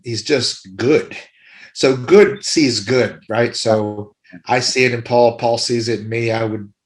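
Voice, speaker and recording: A middle-aged man talking casually as a podcast guest, warm and rambling, often repeating himself. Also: on the low side. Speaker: podcast guest, arm wrestler.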